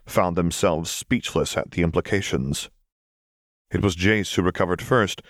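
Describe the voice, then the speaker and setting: Deep-voiced man narrating a story. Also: no room sound, studio quality. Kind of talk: audiobook narration of fan fiction.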